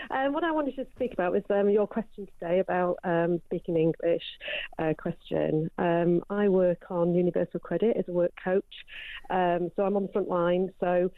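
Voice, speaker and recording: A woman's voice: lowish voice, fairly even intonation, normal speed, no room sound. A woman calling into a radio phone-in, hesitant and full of ums. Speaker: caller. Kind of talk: phone-in call. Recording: dry phone line.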